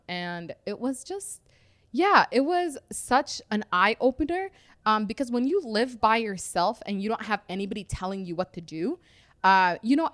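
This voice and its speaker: A woman's voice: mid-range voice, no echo. A woman with a mid-range voice tells her own story as a podcast guest. She is reflective and loose, with plenty of fillers. The sound is close and dry. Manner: conversational, reflective, with frequent fillers. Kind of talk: candid personal storytelling.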